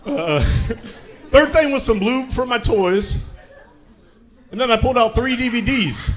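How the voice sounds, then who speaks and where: A man's voice: very high-pitched, expressive, unhurried. A young man from Tacoma doing a laid-back, self-mocking stand-up set at a comedy show, chuckling through his punchlines. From Tacoma, Washington. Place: comedy show with live audience.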